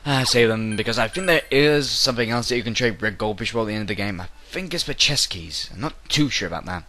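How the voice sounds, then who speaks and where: A man's voice: on the low side, expressive, fast talker, bright, forceful tone, a little hiss or hum. Rambling jokey young man playing a game. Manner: rambling, jokey, breaks into silly voices and snatches of song. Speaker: let's play commentator. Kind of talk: casual game commentary. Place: bedroom at home.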